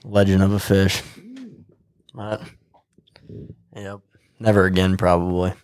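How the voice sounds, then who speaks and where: Male podcast co-host, low pitch, dry sound, laid-back and casually profane. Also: flat delivery, slow, darkish tone, clear, resonant tone, no room sound. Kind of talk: casual chat.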